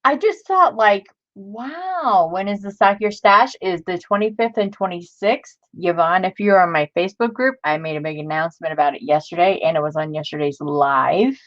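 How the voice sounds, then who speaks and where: In lo-fi sound, a lowish-voiced woman hosts a crafting livestream. She chats casually and reads old-fashioned text aloud, stumbling over tough words and exclaiming in disbelief.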